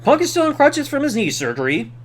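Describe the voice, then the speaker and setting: A man with a high, bouncy voice whose pitch swings widely. He recaps an old wrestling show like a podcast host, casual and sarcastic, tossing in mocking asides. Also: huge pitch swings, fairly quick.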